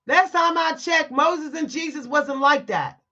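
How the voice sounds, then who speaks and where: High bright-sounding woman going off about a story, blunt and preachy, kinda muffled lo-fi audio. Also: expressive, measured pace. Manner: blunt, emphatic and preachy, often stressing words. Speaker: vlogger. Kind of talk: candid storytime monologue to viewers.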